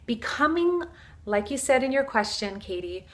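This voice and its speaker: A woman's voice: on the high side, very animated, normal speed, a bit bright. A woman spiritual teacher giving a casual talk in an earnest, flowing way, sprinkled with fillers like "like" and "you know".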